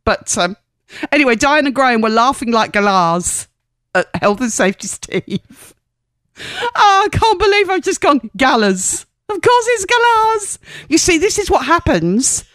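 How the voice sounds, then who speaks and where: A woman's voice: high-pitched, big pitch swings, moderate pace, fairly bright tone, dry recording, studio quality. A woman presenting on the radio in a chatty, rambling way, correcting herself and laughing at her own slips.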